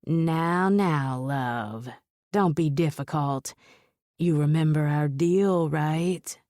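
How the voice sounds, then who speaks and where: A woman's voice: deep voice, slow, a little mellow, no echo, studio quality. A woman voicing a crude, mocking male gangster with a nasal voice in an audiobook. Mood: menacing. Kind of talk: audiobook character voice.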